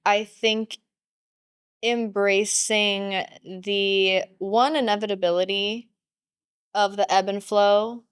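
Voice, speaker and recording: A woman hosting a podcast, an unhurried and encouraging listener in casual chat. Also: mid-range voice, level tone, clear, resonant tone, dry recording, studio quality. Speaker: podcast host.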